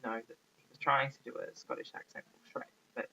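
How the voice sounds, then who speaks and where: A man's voice: medium pitch, sing-song, a little fast, vocal fry, muffled recording. A man giving a casual, rambling film review, often losing his train of thought and filling gaps with ums. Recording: faint background noise, poor audio.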